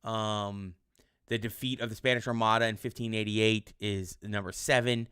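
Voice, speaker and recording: A male teacher giving casual online class instructions in a relaxed, rambling way with many fillers. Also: fairly low pitch, normal speed, clean tone.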